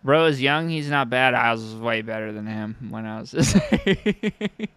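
A man's voice: mid-range voice, animated, measured pace, a bit bright, smooth, no echo. A young man streaming, giving casual commentary that is profane, sardonic and rambling.

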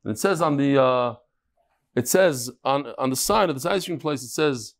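A man teaching a daily Talmud class, telling stories with animated energy and mixing Hebrew and Yiddish terms into his English. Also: mid-range voice, fairly quick.

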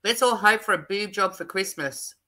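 Bright-voiced Australian woman chatting live. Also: medium pitch, normal speed. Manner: chatty, laughs often, reads viewer comments aloud. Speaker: livestream host. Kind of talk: casual live-stream chat reading comments.

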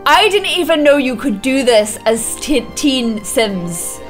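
A woman with a high, bright voice commentating on a life-simulation game for her viewers. She swings her pitch widely and gasps often. Her reactions are loud and playful. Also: takes it slowly, faint music behind. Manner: excitable, frequent gasps, playful exclamations. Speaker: video game streamer. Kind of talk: gameplay commentary.

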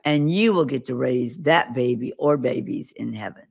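A woman's voice: rumbling low, moderate pace, vocal fry, darkish tone, slightly rough. A woman guest on an interview show, earnestly recounting visions and stories with vivid detail. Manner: earnest, vivid storytelling with acted quotes. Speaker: guest prophetic minister.

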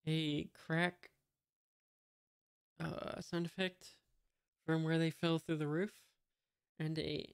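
Hesitant man reading comics aloud, slow. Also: fairly high pitch, level tone, creaky, clean tone, no room sound, studio quality. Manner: hesitant, many fillers, reads out sound effects. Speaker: manga reader.

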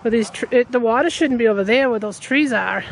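A woman, narrating a casual nature vlog by a river and roadside, full of excited exclamations, recorded on a handheld camera. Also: on the high side, brisk, low-quality recording. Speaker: nature vlogger. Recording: outdoor traffic noise behind.

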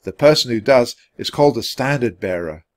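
A man's voice: medium pitch, expressive, a little fast, lightly acted. A man reading a storybook aloud, voicing a curious, bookish young boy who explains things matter-of-factly. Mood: explaining.

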